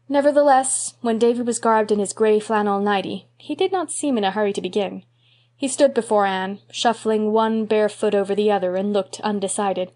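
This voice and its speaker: A woman reading a classic novel aloud as an audiobook narrator, measured and expressive. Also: mid-range voice.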